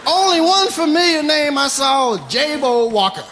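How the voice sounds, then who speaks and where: A man doing a stand-up routine, telling profane stories loudly and laughing along with his own jokes. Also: very high voice, animated, moderate pace. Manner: loud, profane storytelling that keeps breaking into laughter. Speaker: stand-up comedian. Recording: noisy live recording.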